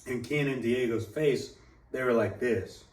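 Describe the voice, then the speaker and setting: A man's voice: mid-range voice, unhurried. Profane young man telling a rambling story. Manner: profane, rambling, animated quoting. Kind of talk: casual storytelling. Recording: echoey room, mic at a distance, faint background noise.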